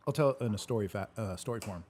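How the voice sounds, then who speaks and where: A man's voice: lowish voice, rapid-fire, a little mellow, slight background noise. A man telling a loose story as host of a casual chat. He rambles, laughs often and swears without a second thought. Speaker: host answering live questions.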